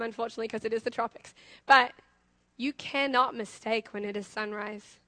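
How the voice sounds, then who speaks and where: A young woman with an Australian accent preaching a sermon, asking her congregation lively questions as she goes. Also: high voice, no room sound.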